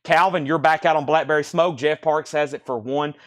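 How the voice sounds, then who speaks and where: Man, slightly higher voice, live-sale host, fast auction patter, a bit winded. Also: fairly even intonation. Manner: rapid-fire listing of prices and bids. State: out of breath.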